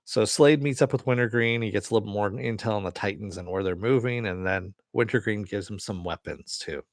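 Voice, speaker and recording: A man's voice: lowish voice, fairly quick, dry recording, clean studio sound. A man casually retelling a TV episode in a rambling way, full of fillers. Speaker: TV show reviewer.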